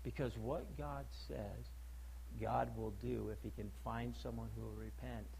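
A male preacher giving a sermon, emphatic and full of rhetorical questions, swinging between loud declaiming and low, quiet stress. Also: fairly even intonation, a little slow, gravelly, a little hiss or hum, rough recording.

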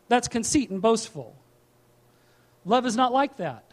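A male pastor preaching a sermon in an animated, humorous way, repeating his key phrases. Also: very high-pitched, unhurried.

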